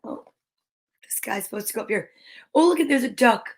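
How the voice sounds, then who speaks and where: A woman reading picture books aloud for young children in a casual, chatty way, stopping to comment cheerfully between pages and slowing to a lilting rhythm for rhyming verse. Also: on the high side, lively intonation, darkish tone. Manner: slows down and lilts when reading verse.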